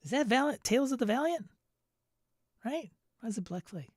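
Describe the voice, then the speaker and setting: Speaking briskly and with lots of animation, this male podcast host has a very high voice with a darkish tone, recorded clean in a studio with no echo. His casual solo news rundown has him reading out product listings and then joking about them with chatty asides and laughter.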